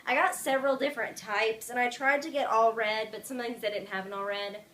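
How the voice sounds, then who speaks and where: A woman's voice: fairly high pitch, steady tone, fairly quick, fairly bright tone. A young woman talking casually and emphatically in a home vlog, often saying "like". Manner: bubbly, emphatic, says "like" a lot. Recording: faint background noise.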